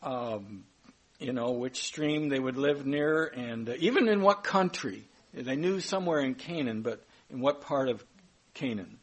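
Husky-voiced man teaching the Bible. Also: medium pitch, expressive, unhurried. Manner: informal, chatty, corrects himself aloud.

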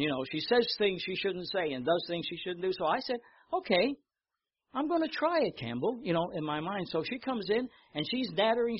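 An older man preaching a sermon, telling stories with lively repetition and reading scripture aloud. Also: sits high, breathy edge, dull audio. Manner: storytelling, animated in anecdotes, repeats words. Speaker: pastor.

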